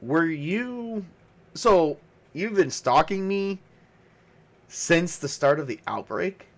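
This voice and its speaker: A man's voice: medium pitch, normal speed, close to an everyday voice. A man voicing an earnest male survivor who questions a captive, insistent and a little exasperated. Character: earnest male survivor, cabin owner's ex-husband.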